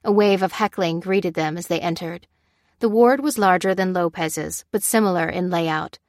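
A woman reads a novel chapter aloud in a steady, measured way. Her voice sits on the lower side and the recording is dry and close, with no room sound. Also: no echo. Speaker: audiobook narrator. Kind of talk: scripted narration.

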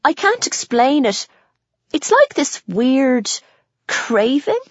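A woman's voice: high-pitched, sing-song, takes it slowly, no echo, lo-fi sound, heavily acted. A woman playing a chatty, gossipy teenage girl in an audiobook, talking in gushing, filler-heavy chatter.

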